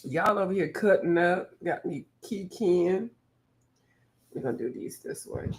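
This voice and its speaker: A woman's voice: on the low side, animated, a little slow, darkish tone. Giggly woman painting on a livestream. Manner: laughing a lot, reading out chat, teasing. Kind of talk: casual livestream chat while painting.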